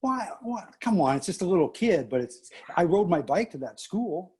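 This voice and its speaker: At a normal speed and with a slightly rough voice, a middle-aged man who teaches and coaches shares stories in a relaxed interview. He animates them by mimicking the people he quotes, his pitch leaping widely.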